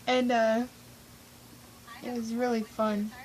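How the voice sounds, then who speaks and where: A woman vlogging about a concert, telling it in an excitable, gushing way and acting out her own reactions. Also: on the high side, poor audio. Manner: gushing, excitable, fast-shifting, reenacts her own squeals. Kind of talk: excited casual storytelling.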